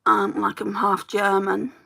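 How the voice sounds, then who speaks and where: Slow-talking gravelly Northwest English woman. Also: medium pitch, completely flat delivery, sharp tone. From England. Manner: reads out and answers viewer comments while doing makeup. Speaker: beauty livestreamer. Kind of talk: chatty get-ready-with-me livestream.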